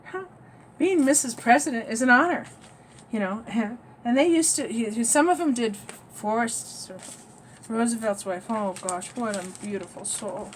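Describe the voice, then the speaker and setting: Rambling woman vlogger, fairly high voice. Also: expressive, unhurried, a little hiss or hum. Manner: rambling, emphatic, trails off and restarts. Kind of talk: rambling spiritual-political monologue.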